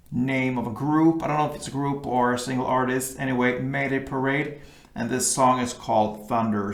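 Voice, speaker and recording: A man's voice: medium pitch, creaky, echoey room. A man teaching an acoustic guitar lesson, walking patiently through chords step by step.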